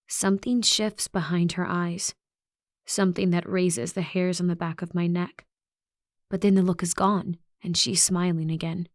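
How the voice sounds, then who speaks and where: Low-voiced woman narrating an audiobook. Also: normal speed, no echo, studio quality. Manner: even, reflective, steady delivery. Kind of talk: first-person audiobook narration.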